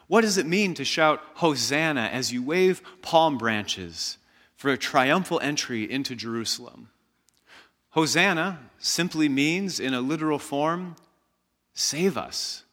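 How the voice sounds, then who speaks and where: A man preaching a sermon as pastor, slow and emphatic, leading the congregation in call-and-response shouts. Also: mid-range voice, big-room sound.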